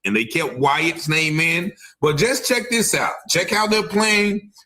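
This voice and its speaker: A man's voice: on the high side, a little slow, bright, forceful tone. Emphatic male true-crime commentator. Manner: emphatic, repeats "allegedly", stops to replay clips. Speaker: commentary channel host.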